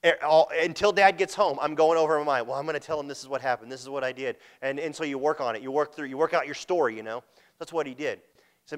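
High-voiced preacher telling a parable. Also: male voice, fast. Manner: storytelling, acting out quoted voices, repeats and restarts. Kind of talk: sermon.

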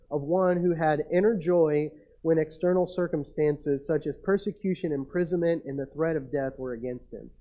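A man's voice: a little high, highs cut off. A man preaching a sermon as pastor, talking casually with the congregation and reading scripture aloud.

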